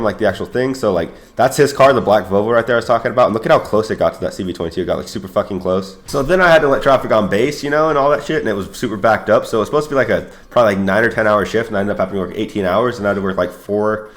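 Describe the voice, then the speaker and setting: Fast-talking, profane young man. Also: fairly low pitch. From United States. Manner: profane, slangy, excitable, keeps saying bro. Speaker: YouTuber and Air Force veteran. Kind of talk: casual storytelling.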